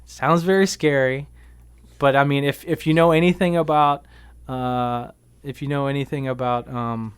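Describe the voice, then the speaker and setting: A man's smooth, clear voice, recorded dry and close in a radio studio. He tells a story casually, with many fillers and "um"s, and rises in animated bursts at the key moments. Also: medium pitch, moderate pace, dry recording. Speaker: guest activist, veteran.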